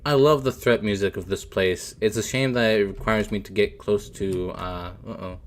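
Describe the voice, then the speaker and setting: Faint game music plays behind a man streaming a video game. His voice is fairly low and his speed normal as he mutters casual commentary to himself, jumpy and nervy while he plays.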